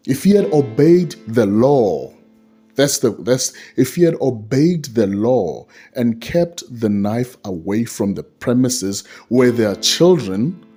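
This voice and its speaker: A man's voice: medium pitch, mellow, breathy edge. A man giving a solo commentary on a court case, repeating his points and asking rhetorical questions.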